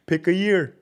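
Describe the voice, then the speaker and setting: Swearing man ranting on a live stream. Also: smooth. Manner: swings from loud outbursts to low muttering, heavy swearing. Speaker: livestreamer and prison officer. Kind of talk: profane live-stream rant.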